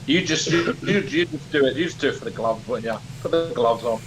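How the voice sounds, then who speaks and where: A man's voice: mid-range voice, a little fast, noisy background. A man co-hosting a casual podcast, teasing and joking in easy banter. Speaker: podcast co-host.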